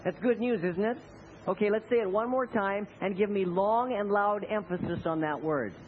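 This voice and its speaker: High-voiced preaching man, tinny sound. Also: normal speed. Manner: impassioned preaching, leads congregation in responses. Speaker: pastor. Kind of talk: sermon. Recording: tinny phone-like recording with faint noise.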